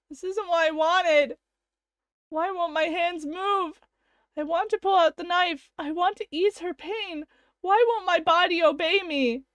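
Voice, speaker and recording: A woman's voice: very high voice, dry recording. A woman voicing a guilt-stricken young male scientist, narrating with anguish as she reads a visual novel aloud. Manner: anguished first-person narration.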